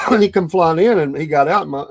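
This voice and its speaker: A man's voice: a little high, brisk. A middle-aged man with a Southern US accent, hosting a podcast as a casual, rambling monologue full of restarts and fillers. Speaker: podcast host.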